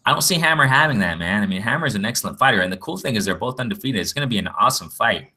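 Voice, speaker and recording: Rambling man with a bright voice. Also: on the low side, expressive, rapid-fire, slightly rough. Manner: rambling, repeats "you know what I'm saying". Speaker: boxing vlogger. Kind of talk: casual chat.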